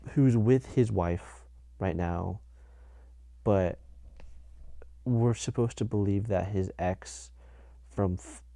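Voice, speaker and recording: A man's voice: mid-range voice, creaky, warm tone, dry recording, studio quality. A young man hosting a casual solo podcast, rambling and correcting himself as he talks. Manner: rambling, self-correcting, laughs at his own jokes. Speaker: podcast host.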